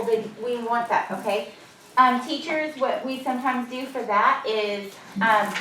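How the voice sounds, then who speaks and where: A woman teacher runs a small-group phonics lesson and pauses to explain it to other teachers. She draws out sounds and sentences slowly and clearly for the children. The recording is echoey and taken from a distance across the classroom, with a faint hiss behind her. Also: a little high, a bit bright. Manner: clear, drawn-out classroom prompting.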